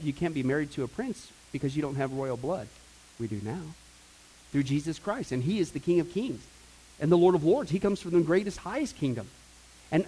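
High-voiced man preaching a lively sermon. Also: husky, rough recording. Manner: energetic, conversational, swings from quiet asides to loud emphasis. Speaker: pastor. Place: church sanctuary.

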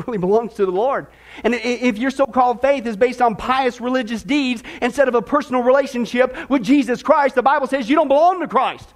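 A man preaching a sermon fervently, dropping low for emphasis and rising into excited runs. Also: fairly quick. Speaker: pastor.

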